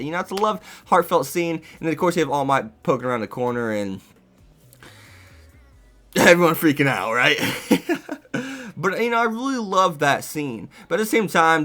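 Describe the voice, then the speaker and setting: Animated young-sounding man reviewing anime. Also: a little high. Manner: excited, rambling, laughs often. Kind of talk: casual episode review.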